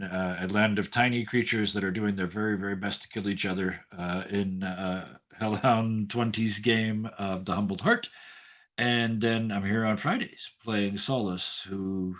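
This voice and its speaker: A man's voice: lowish voice, a bit bright. A man chatting casually on a tabletop gaming stream, laughing often and using lots of fillers. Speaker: game master and player introducing himself.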